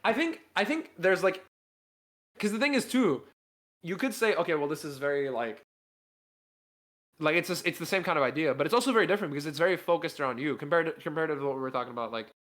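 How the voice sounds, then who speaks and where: A man in a casual podcast conversation, speaking quickly with a lively, varied pitch. His voice sits a little on the high side. He often chimes in to agree before sharing his view. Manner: quick, lively responses, gives short agreeing interjections. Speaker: podcast co-host. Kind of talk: casual chat.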